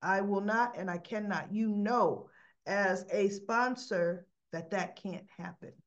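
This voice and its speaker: A woman's voice: medium pitch, slow pace, highs cut off, natural voice. A woman voicing a firm woman sponsor who speaks bluntly, in a soap recap.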